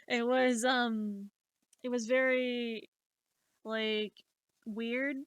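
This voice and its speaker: Animated, exasperated young woman storyteller. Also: sits high, slow, dry recording. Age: 20s. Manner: animated, exasperated, swears freely. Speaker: streamer. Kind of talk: casual storytelling.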